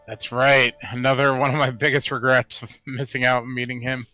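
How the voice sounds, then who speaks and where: Bright-voiced man recounting stories. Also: mid-range voice, fairly quick, soft background music. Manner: animated recounting, frequent "like" fillers. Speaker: podcast co-host. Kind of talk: casual chat.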